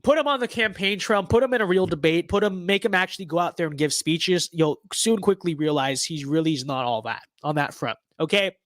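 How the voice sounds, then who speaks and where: Young man, stuffy-nosed, sarcastic, rambling livestream commentary, high-pitched, dry close sound. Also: a little fast, few pauses, a bit bright, no echo. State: stuffy nose. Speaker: political commentator. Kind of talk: casual political commentary livestream.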